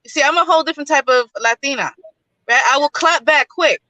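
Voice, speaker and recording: A blunt, outspoken woman calls in to a live stream while driving. Her voice sits high and sounds bright and sharp, and the phone line is dry, with no room sound. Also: fast talker, no echo. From New York, Bronx. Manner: outspoken, blunt, repeats herself. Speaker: guest. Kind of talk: casual live-stream chat. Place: in a car, driving.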